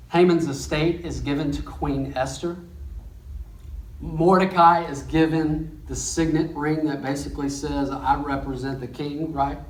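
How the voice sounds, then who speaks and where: A preacher leads a sermon, telling the story with lively, folksy asides and plain talk. The voice sits in the middle of the range. It rings through a roomy church, picked up from a few steps off. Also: mid-range voice. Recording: echoey church room, mic at a distance.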